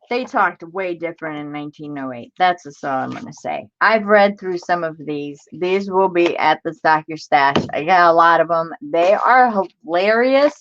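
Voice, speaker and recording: With hardly any pauses, a woman with an expressive, lowish voice talks at normal speed, the highs cut off. As host of a crafting livestream she chats casually, reads old-fashioned writing aloud, stumbles on hard words, and voices disbelief.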